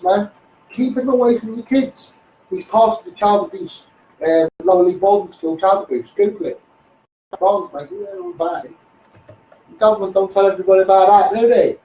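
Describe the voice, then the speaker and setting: A man's voice: sits high, dark tone. A man with a Liverpool accent ranting bluntly in a rambling live-stream monologue, calling his listeners "mate". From England. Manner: rambling, blunt, keeps saying "mate" and "you know what I mean". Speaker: livestreamer. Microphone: phone livestream. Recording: roomy, distant phone livestream with faint noise.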